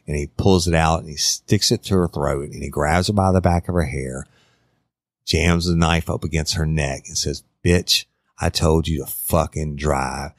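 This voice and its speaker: A man's voice: extremely low pitch, fairly even intonation, normal speed, no room sound, clean studio sound. A middle-aged man hosting a true-crime podcast, telling the story in a conversational way and talking straight to his listeners. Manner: conversational, addresses listeners directly. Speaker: podcast host.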